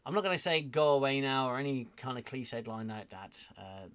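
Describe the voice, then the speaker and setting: A man's voice: medium pitch, animated, normal speed, a bit bright. A man hosting a casual livestream chat, rambling and self-deprecating, apologizing often as he reads viewer comments. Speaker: livestream host.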